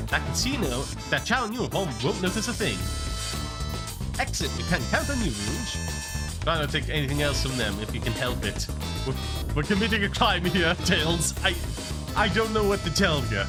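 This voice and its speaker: A man streaming a game, chatting casually and wryly, quick to rant about what annoys him. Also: fairly high pitch. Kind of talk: casual gameplay commentary. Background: game music.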